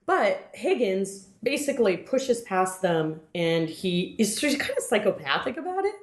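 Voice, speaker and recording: A woman's voice: mid-range voice, sing-song, normal speed. A woman podcast host recapping a film in casual chat, rambling with many fillers and restarts. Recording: roomy, echoey room.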